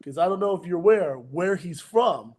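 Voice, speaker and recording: A man's voice: sits high, animated, moderate pace, a little mellow. A man, a pro wrestler guest, chatting in a casual podcast interview with brash, boastful trash talk and amused storytelling.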